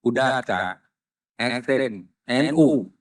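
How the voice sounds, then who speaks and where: A man giving an academic lecture at a conference, speaking haltingly with many fillers and self-corrections. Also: medium pitch, animated. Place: conference hall.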